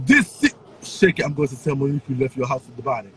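A man ranting on a livestream in a taunting, profane way, with sing-song chants and bursts of shouting. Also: on the high side, animated, fast talker, slightly rough, rough recording. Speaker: social media personality.

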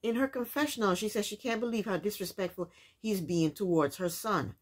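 Husky-voiced woman recapping a show. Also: medium pitch, a little fast. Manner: incredulous, opinionated commentary with rhetorical questions. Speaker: reality TV recap vlogger. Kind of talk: casual spoken episode recap.

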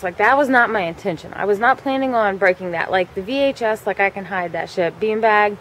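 Woman vlogger, mid-pitched, casual storytelling, chatty and profane. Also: a little fast, hardly any pauses, a bit bright, a little hiss or hum, low-quality recording. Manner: chatty, frequent fillers, swears freely.

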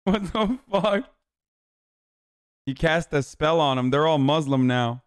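A man gives casual reaction commentary over video clips. His voice sits a little high and swings widely as he laughs along, and he talks slowly and unhurried. Crowd and street noise from the clips run underneath him. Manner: animated, amused remarks between clips.

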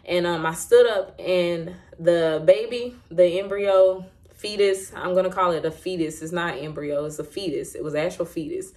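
A woman sharing an emotional personal testimony in a candid, halting way, with many fillers and restarts. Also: fairly low pitch, fairly even intonation, darkish tone. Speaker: Christian vlogger sharing a testimony.

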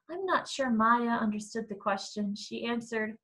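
Bright-voiced woman reading a novel. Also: high-pitched, moderate pace, few pauses. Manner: expressive first-person narration. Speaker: reader.

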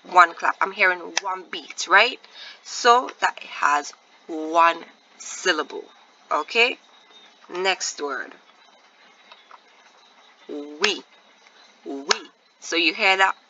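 A woman teacher giving a patient phonics lesson to young children, repeating words slowly and asking encouraging questions. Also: fairly low pitch, animated, dull audio, background noise. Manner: drawn-out, deliberate word repetition with encouraging questions.

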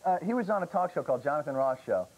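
A man's voice: a little high, very animated, very fast, poor audio. A young man hosting a TV talk show, joking and teasing his guest. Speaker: host.

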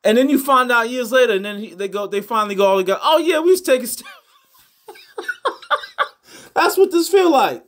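A young man with a high voice hosts his boxing channel in loose reaction commentary. He swears freely, stumbles and repeats himself, and swings between exasperation and laughter. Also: animated, normal speed, long pauses, fairly bright tone. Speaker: host of a boxing news channel.

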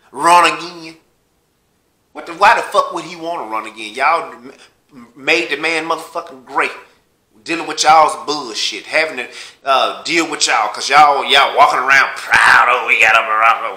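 A man's voice: medium pitch, bright, forceful tone, reverberant. A man in a blunt, heated political rant, cursing heavily and mocking his listeners. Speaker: vlogger.

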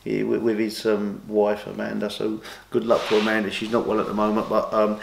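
A man's voice: fairly low pitch, monotone, a little fast, vocal fry, reverberant, slight background noise. A man, an interview guest telling long rambling stories with many restarts, livening up when he quotes others. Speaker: interview guest, former boxer and golfer. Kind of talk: casual storytelling interview.

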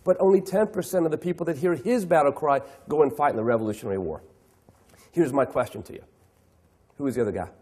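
A middle-aged man giving a lively keynote talk on the economy to an audience. He acts out clients' voices and asks the audience questions. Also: a little high, fast, breathy edge.

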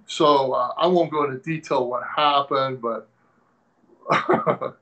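A man from the Pacific Northwest, a former strength coach, telling animated stories in a casual interview and acting out the people he quotes. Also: medium pitch, unhurried, muffled recording. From Tacoma, Washington.

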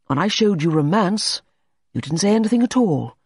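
A hot-headed young man, an artist, snaps and rails in a voice that leaps up and down with every outburst, as a narrator plays him. The voice is slightly husky and recorded dry and close. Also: high-pitched, lively intonation, normal speed, no room sound, voice pushed up, heavily acted. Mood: furious. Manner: sharp, exasperated outbursts. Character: brooding young male painter, quick-tempered. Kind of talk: audiobook character reading.

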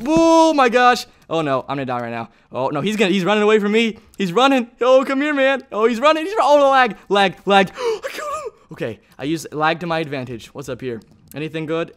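A young man giving casual, excitable commentary over his own gameplay as a gaming channel host, chatting to his opponents. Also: sits high, brisk, smooth. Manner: excitable, talks to opponents, bursts into shouts.

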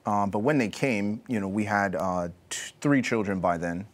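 Man, somewhat low voice, panelist, relaxed anecdote, lots of ums. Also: normal speed. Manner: relaxed storytelling, many fillers. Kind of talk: personal story in a panel discussion.

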